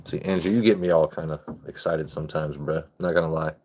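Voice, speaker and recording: A man with a fairly low voice hosts a casual livestream from home. He keeps it laid-back and joking, and chats with viewers by name. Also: noisy background. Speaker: livestream host. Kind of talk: casual chat with live chat viewers.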